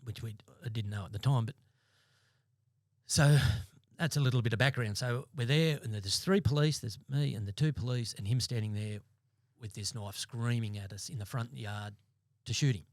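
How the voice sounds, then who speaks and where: An Australian man in his fifties, a former police sergeant, telling his story as a podcast guest in a blunt, halting way with many restarts. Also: medium pitch, dry recording, studio quality. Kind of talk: interview storytelling. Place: podcast studio.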